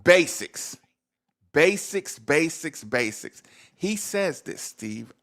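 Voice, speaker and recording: A man hosts a casual sports talk show with a lively, swooping delivery. His voice sits a bit high for a man, and he presses his points by repeating words for emphasis. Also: takes it slowly.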